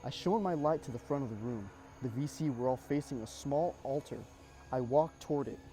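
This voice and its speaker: A man narrating a first-person horror story in a measured, suspenseful way, dropping casual asides. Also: mid-range voice, warm tone, a little hiss or hum.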